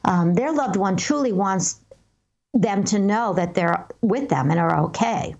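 Calm earnest woman. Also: medium pitch, measured pace, muffled recording. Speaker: medium, guest. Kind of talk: interview answers, storytelling.

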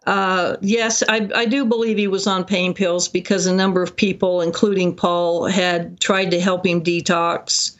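A guest in an interview, telling a long case story in an animated, detailed way. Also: mid-range voice, a little slow, hardly any pauses.

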